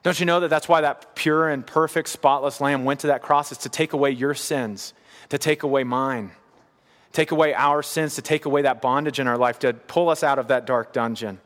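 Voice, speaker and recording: A man's voice: medium pitch, steady tone, normal speed, fairly bright tone. A man preaching a sermon in a church hall, earnest and repeating key lines for emphasis. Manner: earnest, building to emphatic repetition. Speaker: pastor. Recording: long hall reverb.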